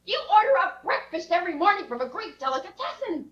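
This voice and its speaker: A woman's voice: very high voice, big pitch swings, quick pace, fairly bright tone, exaggerated voice. A woman playing an outspoken adult daughter who talks earnestly and emphatically. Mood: exasperated. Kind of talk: stage play acting. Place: theater stage. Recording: dull lo-fi stage recording.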